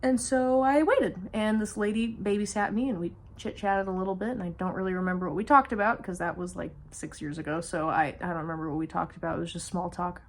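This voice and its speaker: A woman's voice: lowish voice, fast, hardly any pauses. A woman vlogger telling a personal story in casual, rambling speech, slipping in humor and nervous laughs as she goes. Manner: rambling, many fillers and restarts.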